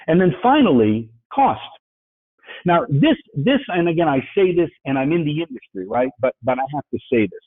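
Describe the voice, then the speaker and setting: Fast-talking New York man on a call. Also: a little high, very animated. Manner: fast-talking, frequent "right?" and "okay?" asides. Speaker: webinar presenter. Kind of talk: webinar presentation. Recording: phone-like, dry, husky sound.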